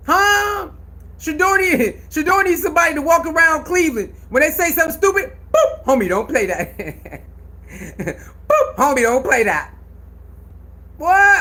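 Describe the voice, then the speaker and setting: A man giving an animated sports rant, loud and laughing, with heavy slang and repetition. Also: very high voice. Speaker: sports commentator.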